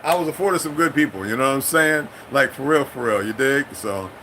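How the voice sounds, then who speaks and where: A middle-aged military veteran talking in a casual, rambling monologue, profane and streetwise, breaking into sudden high-pitched bursts. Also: male voice, animated, a little fast, sharp tone, slight background noise, rough recording.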